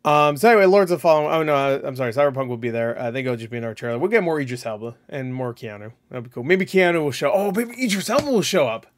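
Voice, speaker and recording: A man's voice: mid-range voice, animated, quick pace, few pauses. A young man hosting a casual solo video of gaming predictions, rambling loosely with many fillers and casual swearing. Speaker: gaming channel host.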